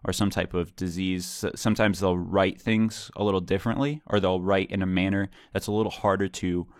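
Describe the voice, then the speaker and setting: A man's voice: low-pitched, fairly even intonation, a little fast, no echo, studio quality. A man telling a story in a casual monologue, rambling, correcting himself and using many fillers.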